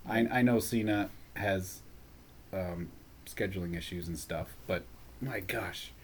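An opinionated, animated man chatting casually about wrestling, laughing often. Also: low-pitched, a little slow, slight background noise.

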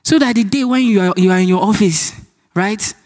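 Animated Nigerian man preaching. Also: high voice, a little fast. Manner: animated storytelling, acts out dialogue, laughs often. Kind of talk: sermon.

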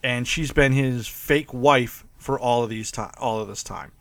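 A man's voice: mid-range voice, steady tone, unhurried, fairly bright tone, no room sound. A man co-hosting a casual movie discussion, acting out scenes with mock quotes and laughter. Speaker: podcast co-host.

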